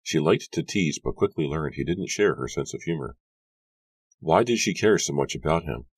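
A man narrating a horror audiobook in a hushed, suspenseful storytelling manner. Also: extremely low pitch, animated, moderate pace, slightly rough, dry recording.

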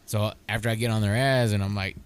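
A middle-aged man co-hosting a podcast, telling animated stories in casual chat, acting out quotes and swearing freely. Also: lowish voice, quick pace, smooth, faint music behind. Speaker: podcast co-host.

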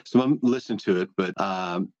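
A man's voice: low voice, normal speed, no room sound. A man guest on a podcast interview, telling his story earnestly and with animation, often restarting his sentences. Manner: earnest and animated, with frequent restarts and "you know"s. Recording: dull, lo-fi, dry sound.

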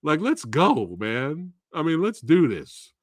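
A man's voice: fairly high pitch, takes it slowly, slightly rough, no room sound. A man hosting a live movie Q&A, ranting casually with frequent swearing and laughter. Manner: animated, profane, laughs often, restarts.

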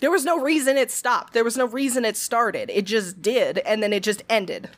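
A woman's voice: on the high side, moderate pace, dry recording. A woman co-hosting a casual podcast, blunt and dramatic, swearing often. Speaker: podcast co-host.

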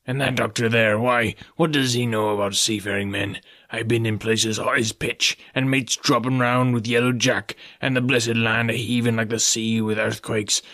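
A man reading an audiobook voices an old, sick sea captain who talks like a salty sailor, cursing and wheedling in a gravelly, raspy voice. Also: mid-range voice, fairly even intonation, moderate pace, a bit bright, dry recording, studio quality, close to an everyday voice. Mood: blustering. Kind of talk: audiobook character voice.

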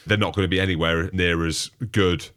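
A man with a very low, deep voice, chatting casually on a rugby podcast. He tells stories with animation and slips into the voices of the people he quotes. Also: fairly quick, clean tone. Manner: animated storyteller who acts out quotes. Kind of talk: casual sports chat.

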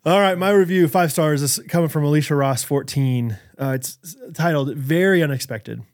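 An American man co-hosting a podcast in casual chat, laughing often and breaking into loud movie-quote impressions. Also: on the high side, moderate pace. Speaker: podcast co-host.

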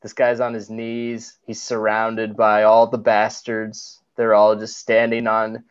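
A man's voice: lowish voice, monotone, slow, clean tone, lo-fi sound. A young man co-hosting a podcast, recapping a film scene in a rambling way full of "like"s. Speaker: podcast co-host. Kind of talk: casual film chat.

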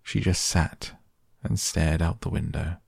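A man reading a children's novel aloud as a calm bedtime audiobook, with a gravelly, husky voice. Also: deep voice, measured pace, dry recording, studio quality. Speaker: audiobook narrator.

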